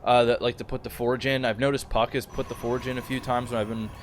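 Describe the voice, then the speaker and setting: A man's voice: mid-range voice, little pitch movement, fast, a little hiss or hum. Laid-back male strategy-game co-caster. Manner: laid-back, analytical, with fillers. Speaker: game commentator. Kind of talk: casual esports commentary.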